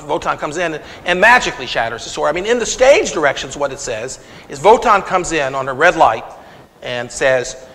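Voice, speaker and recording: A man giving a conversational lecture to an audience, animated and retelling scenes with quoted dialogue. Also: sits high. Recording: long reverb of a lecture hall.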